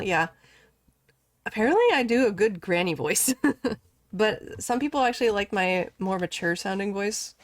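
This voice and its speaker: A chatty woman streamer rambles and giggles as she plays, now and then scolding the game. Her voice sits in a middle range. The sound is dry, close and free of room echo. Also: mid-range voice. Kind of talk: casual chat while live streaming a game.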